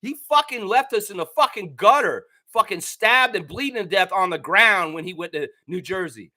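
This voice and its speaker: A man from Canada hosts a fan show and rants with profane, heated anger. His voice sits high and sounds bright and tense as he fires off his complaints. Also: expressive, normal speed. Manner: angry, profane, heated ranting. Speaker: basketball fan show host. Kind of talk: ranting commentary.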